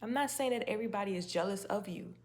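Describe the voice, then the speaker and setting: A woman talks straight to her viewers in a casual, emphatic way, encouraging them in faith. Her voice sits in a middle pitch and she leans on rhetorical questions. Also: quick pace, a little mellow. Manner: chatty and emphatic, with many restarts and rhetorical questions. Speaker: faith-based video host. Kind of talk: casual spoken talk to camera.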